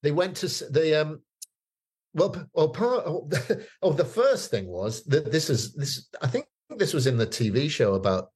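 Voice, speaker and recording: A man's voice: fairly high pitch, lively intonation, normal speed, a little mellow, husky. A man, telling stories as a guest in a casual chat, rambling with many fillers and restarts. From northeast England.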